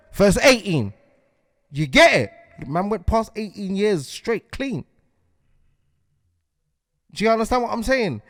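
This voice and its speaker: A man's voice: high-pitched, no room sound. A man, delivering a heated podcast monologue as host, repeating himself and asking if you get what he's saying.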